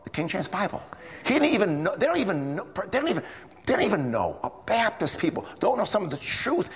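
A man's voice: high voice, gravelly, a bit bright, in a large hall. A man preaching a sermon in a casual storytelling way, repeating phrases as he goes.

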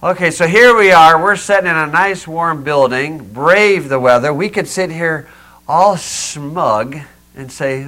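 A man's voice: fairly high pitch, a little slow, pushed and bright. A man preaching a sermon to a small congregation, mixing pointed rhetorical questions with folksy jokes. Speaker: pastor. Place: small church building.

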